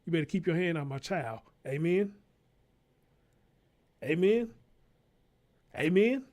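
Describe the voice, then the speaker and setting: Hosting his own show, this man reacts to news clips with fired-up, profane commentary and preacher-style call-outs to his audience. His voice is a little high and darkish, slow, with lively intonation.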